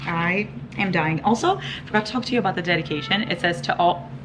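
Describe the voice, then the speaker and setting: A young woman in her twenties talks casually from home, gushing and animated, and swears freely. Her voice sits a little low, and faint room noise hums behind her phone mic. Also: fast. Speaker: book vlogger. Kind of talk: casual chat. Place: at home, lying down. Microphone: phone held in one hand.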